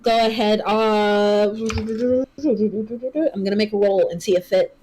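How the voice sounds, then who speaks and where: A woman running a tabletop game as game master, describing scenes with many fillers and pauses. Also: medium pitch, fairly even intonation, a little mellow, a little hiss or hum, poor audio.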